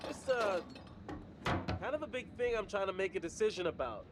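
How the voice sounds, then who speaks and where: A man's voice: sits high, very animated, moderate pace, loud music behind the voice. An actor playing a young male medical student who is snappy and a little boastful, in a game. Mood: hesitant.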